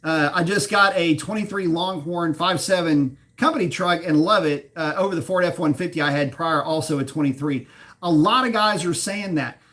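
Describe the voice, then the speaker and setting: A man with a slightly higher voice hosts a relaxed livestream about cars. He reads chat comments aloud and answers them in a loose, chatty way, with plenty of fillers, the odd curse and a laugh at his own mistakes. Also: moderate pace. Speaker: livestream host reading chat.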